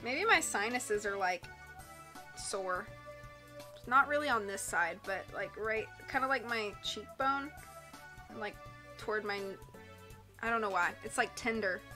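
A woman reads a storybook aloud on a live stream, chatting casually with viewers as an audiobook reader and streamer. Her mid-range voice is unhurried, with frequent pauses, and faint music plays in the background.

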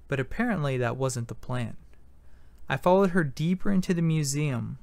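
Gravelly man narrating an audiobook. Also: on the high side, expressive, moderate pace, darkish tone, no room sound. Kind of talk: amateur first-person audiobook narration.

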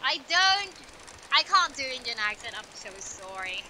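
A woman's voice: sits high, sing-song, a little slow, sharp tone, slight background noise. A young woman streaming a game, playfully chatting, giggling and reading her chat aloud. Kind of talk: live let's-play commentary.

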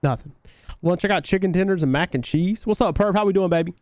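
A man's voice: high-pitched, fast talker, darkish tone, dry recording. A young man with a Southern US country twang who does laid-back, slangy live gameplay commentary, reading chat aloud and answering viewers. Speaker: game streamer.

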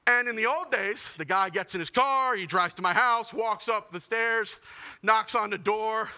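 A young man performing a self-deprecating stand-up comedy set with animated storytelling. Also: high voice, normal speed. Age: young adult.

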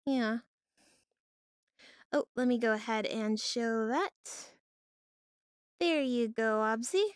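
A bubbly woman chats with her live-stream viewers, laughing often as she answers them. Her voice sits high and her talk is slow and relaxed. The sound is close and dry, with no room around it. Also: smooth, no echo. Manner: bubbly, giggly, reads and answers chat. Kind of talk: casual live stream chat. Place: home office with cats.

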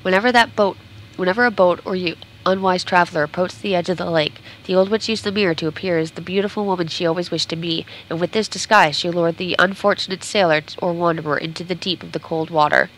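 A woman's voice: lowish voice, steady tone, fast talker, a bit bright, a little hiss or hum, poor audio. A woman game streamer reading a storybook aloud during a playthrough, sometimes stumbling and correcting herself.

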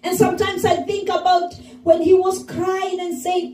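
High-voiced woman preaching slowly, echoey. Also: steady tone, warm tone, recorded from a distance, faint music behind. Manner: slow, emphatic preaching with repeated phrases. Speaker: pastor. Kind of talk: sermon.

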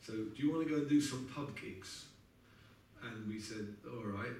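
A man's voice: mid-range voice, normal speed, darkish tone, recorded from a distance, a little hiss or hum. A man in his sixties telling wry, chatty stories on stage between songs and laughing at his own tales. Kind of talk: anecdotal storytelling between songs. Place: live music venue. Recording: echoey live venue recorded from afar, guitar in the mix.

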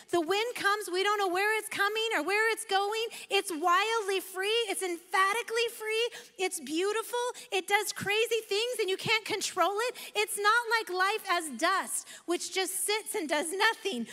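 A woman pastor giving an animated, emphatic sermon in a church sanctuary. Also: very high-pitched. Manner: animated, emphatic preaching with self-aware asides. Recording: long reverb of a large hall.

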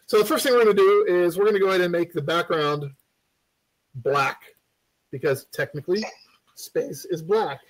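This man teaches game building in a casual livestream, his voice pitched fairly high for a male. He rambles with lots of fillers and false starts, tosses out jokes to the audience, and the audio quality is low.

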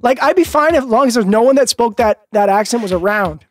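A man co-hosting a let's play, excitedly commentating and yelling at the game. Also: very high voice, brisk, no room sound, studio quality. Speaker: co-host.

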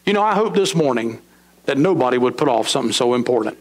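A middle-aged man preaching a sermon in a church, swinging between high emphatic lines and low, slow drops. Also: animated. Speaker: pastor. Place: church sanctuary.

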